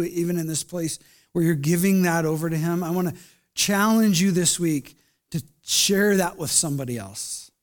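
A man preaching to his congregation with earnest, pleading warmth and a slightly higher-than-usual voice. He often sinks into soft, hushed tones when he speaks as if from God or prays. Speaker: pastor. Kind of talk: sermon and closing prayer. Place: church service.

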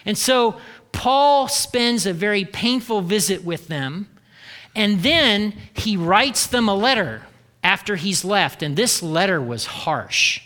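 Guy pastor, fairly high voice, bright and sharp, chatty sarcastic sermon. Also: lively intonation, normal speed. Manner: conversational, acts out mocking complaints with sarcasm.

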